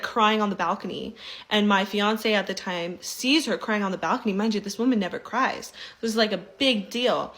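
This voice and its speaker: A young woman casually telling a personal story, animated and mimicking the people she quotes. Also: mid-range voice, low-quality recording.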